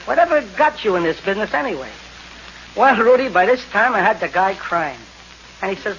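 A man's voice: high-pitched, very animated, brisk, fairly bright tone, a little hiss or hum. A man telling a brash, wisecracking comic story as a 1930s radio comedy monologue. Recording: lo-fi old radio recording.

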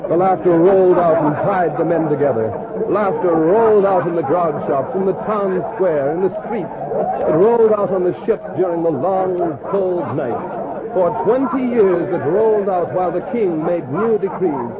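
A man narrating a radio story in a measured storytelling way. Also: high voice, very noisy. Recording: tinny old radio recording with crowd.

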